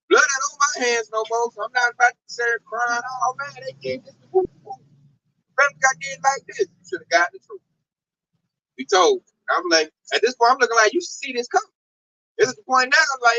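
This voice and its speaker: A man teaching from the Bible in an informal, emphatic preaching style, his pitch leaping up and down as he drives his points home. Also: normal speed, sharp tone. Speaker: street preacher. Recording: dull lo-fi recording.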